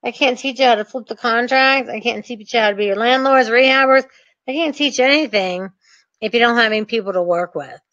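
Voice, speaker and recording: A woman's voice: a little high, fairly quick, fairly bright tone, no echo. A woman coaching real estate investors in a chatty, ranting way with sarcastic asides. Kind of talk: energetic coaching talk. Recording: dull, dry lo-fi recording.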